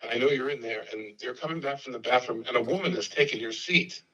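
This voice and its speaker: A man in his sixties hosting a podcast, telling animated anecdotes and slipping into put-on voices. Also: medium pitch, fast, dull audio. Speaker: podcast host. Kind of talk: casual storytelling interview.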